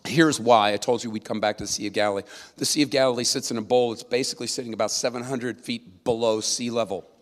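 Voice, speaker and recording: A man's voice: mid-range voice, fairly even intonation, quick pace. A man preaching a sermon in a conversational, emphatic way, often checking in with his listeners. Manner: conversational, emphatic, with tag questions. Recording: long reverb of a large hall.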